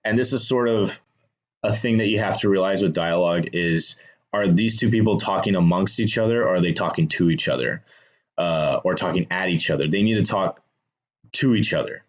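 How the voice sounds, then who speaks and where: A man's voice: low voice, fairly quick, lo-fi sound. A man explaining how he revises a screenplay in a casual, thinking-aloud way, with frequent restarts and fillers. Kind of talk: casual instructional talk.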